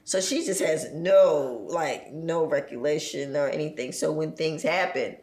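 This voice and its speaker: A woman in her forties, a podcast guest, telling animated stories about her children and laughing often. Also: deep voice, a little slow, roomy sound. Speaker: podcast guest, entrepreneur and single mother. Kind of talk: casual chat.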